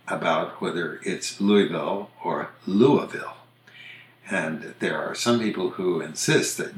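An older man, a podcast host and usage writer, muses casually over how words should be pronounced, often filling pauses with fillers. His voice sits low with a fairly bright tone, and the recording has a roomy echo.

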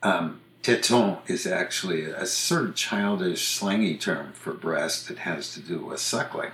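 A man from the United States hosting a podcast, casually explaining things in a measured way and spelling words out letter by letter. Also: deep voice, fairly bright tone, roomy sound, slight background noise. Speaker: podcast host on English usage.

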